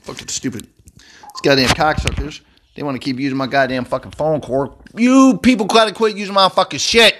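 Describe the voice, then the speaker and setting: Seated indoors at home, a vlogger launches into an unscripted, heavily profane rant into his phone, angry and rambling, swearing nonstop. His voice is a little high and brisk, with a noisy background.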